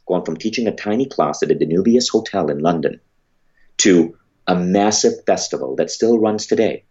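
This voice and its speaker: A man's voice: sits low, a little mellow, dull audio. A man, an entrepreneur, telling a motivational story about his business and book, emphatic and blunt, with casual swearing.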